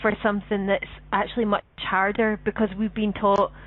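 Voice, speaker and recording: A woman's voice: mid-range voice, little pitch movement, moderate pace. A woman with a Scottish accent co-hosting a radio talk show, speaking frankly and emphatically. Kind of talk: casual chat. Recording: tinny phone-line sound.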